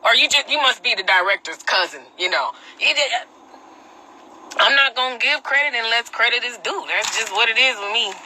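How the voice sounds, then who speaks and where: Woman, livestream host, blunt and slangy, very bright tense voice, faint background noise. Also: fairly high pitch, lively intonation, normal speed, low-quality recording. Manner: reads and answers viewer comments. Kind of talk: casual livestream rant. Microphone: phone.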